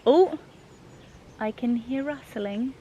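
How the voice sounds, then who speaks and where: British woman vlogger, slightly high voice, gushing garden-tour talk that keeps slipping into a soft whisper, recorded outdoors. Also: takes it slowly, muffled recording, slight background noise. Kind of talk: casual vlog narration.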